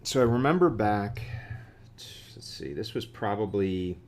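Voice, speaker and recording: Middle-aged male podcast guest, low-pitched, rambling anecdote full of restarts. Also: expressive. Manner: halting, many fillers and repeated words. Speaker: guest executive. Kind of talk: storytelling in a podcast interview.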